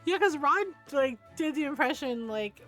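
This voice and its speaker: A woman streaming a video game, chatting casually with viewers, laughing often and retelling stories with animated energy. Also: high-pitched, normal speed, soft background music. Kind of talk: casual gameplay stream chat.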